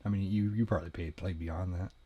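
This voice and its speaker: A man's voice: deep voice, steady tone, quick pace, husky, lo-fi sound. A man hosting a podcast, chatting casually, rambling and correcting himself, laughing often. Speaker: podcast host. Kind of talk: casual chat.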